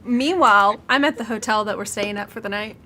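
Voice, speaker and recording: A woman co-hosting a podcast in casual chat, adding relaxed asides. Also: medium pitch, a little fast. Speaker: podcast co-host.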